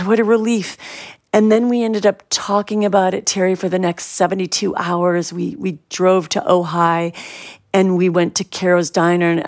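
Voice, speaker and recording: A middle-aged woman in a radio interview, telling a personal story in an animated way and acting out the voices she quotes. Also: fairly low pitch, dry recording, studio quality. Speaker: interview guest.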